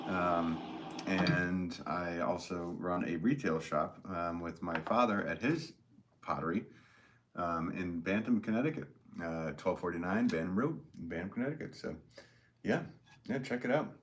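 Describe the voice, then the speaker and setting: A middle-aged man, a potter hosting a casual livestream, reading out chat comments in a relaxed, rambling way with fillers and soft chuckles. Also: low-pitched, a little slow.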